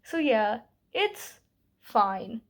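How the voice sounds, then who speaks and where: Young female book vlogger, slightly high-pitched, candid and chatty with lots of fillers. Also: very animated, drawn-out words. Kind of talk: casual book review vlog.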